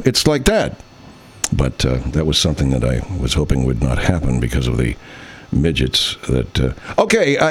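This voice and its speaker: A man with a low voice that swings widely up and down, hosting a loose podcast pre-show. He rambles, swears freely and pokes fun at himself. It sounds like a home studio with a mixing board. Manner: rambling, profane, self-deprecating. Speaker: podcast host. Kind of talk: casual pre-show chat.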